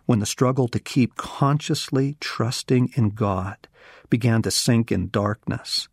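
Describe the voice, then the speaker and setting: A man with a husky, slightly low voice reads scripture and reflects on it in an earnest, hushed manner. He speaks very slowly and at moments sinks to a whisper. The sound is dry and close, with no room around it. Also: no room sound. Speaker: devotional teacher. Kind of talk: scripture reading with reflective commentary.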